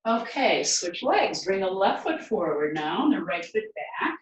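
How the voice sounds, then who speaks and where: A woman fitness instructor leading a guided home workout, counting reps aloud and giving steady encouraging cues. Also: medium pitch, a little slow, lo-fi sound. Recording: very echoey room, mic far away.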